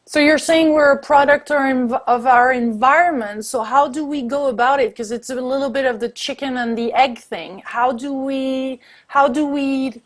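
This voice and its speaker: A woman conducts an interview with a curious, probing manner, her voice on the higher side. She poses her questions thoughtfully and nudges the conversation along with short affirmations. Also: normal speed, hardly any pauses.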